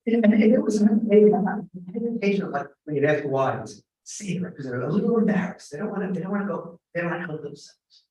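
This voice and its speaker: High-voiced man joking in an echoey hall. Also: fairly quick, hardly any pauses, far from the mic, dull audio. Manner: animated, joking, bursts of emphatic shouting. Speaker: guest lecturer, professor. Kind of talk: humorous storytelling talk. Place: large echoing temple hall.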